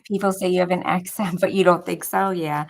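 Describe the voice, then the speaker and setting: A woman's voice: fairly low pitch, steady tone, fairly quick, gravelly, rough recording. A young woman from Buffalo, New York with a Buffalo accent, chatting casually and rambling through a crafting tutorial. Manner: chatty, rambling, many filler likes. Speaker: craft vlogger.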